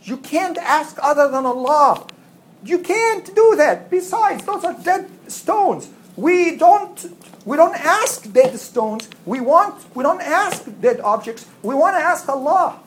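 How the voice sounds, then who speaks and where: A woman's voice: high-pitched, expressive, takes it slowly, a little hiss or hum, pitched above the performer's own voice. A woman voicing a group of faithful believers who urgently warn the others. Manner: pleading, insistent warnings.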